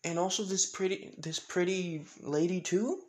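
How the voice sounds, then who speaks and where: A man's voice: high voice, normal speed, pitched above the performer's own voice, natural voice. A man voicing a small, innocent girl who asks timid questions. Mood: curious. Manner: soft, questioning.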